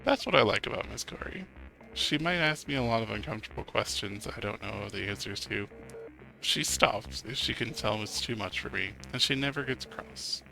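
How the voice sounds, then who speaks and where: Man, bright gravelly voice, casual swearing streamer, reads game text aloud. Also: fairly low pitch, animated, moderate pace, soft background music. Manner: swears and laughs while reacting. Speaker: streamer playing a narrative game.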